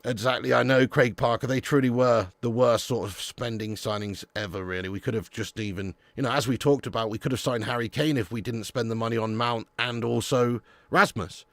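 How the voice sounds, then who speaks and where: Gravelly football-stream host. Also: male voice, medium pitch, fairly even intonation, brisk, few pauses, dry recording. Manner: blunt and casual, swears, says "lad" and "mate". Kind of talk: live-stream fan chat reading viewer comments.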